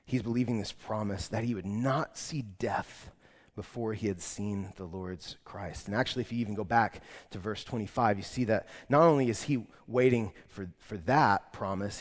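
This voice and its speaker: A man's voice: on the low side, normal speed. Young male pastor preaching casually. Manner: casual storytelling, then earnest and subdued. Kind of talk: sermon. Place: church sanctuary. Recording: long reverb of a large church room.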